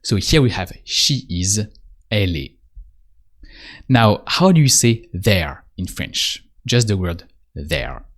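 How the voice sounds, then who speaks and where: A man giving a spoken language lesson, patiently repeating prompts and pausing for the listener to answer. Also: on the low side, animated, gravelly, a bit bright. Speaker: French teacher.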